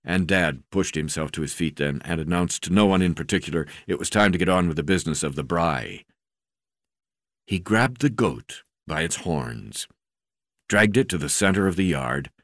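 A man's voice: low-pitched, animated, moderate pace, dry recording, studio quality. A man narrating a memoir in the first person, hesitant, with frequent filler sounds and restarts.

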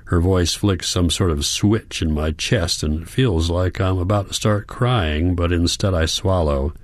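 Deep-voiced man reading an audiobook. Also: measured pace, dry recording. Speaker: audiobook narrator. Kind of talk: first-person audiobook narration.

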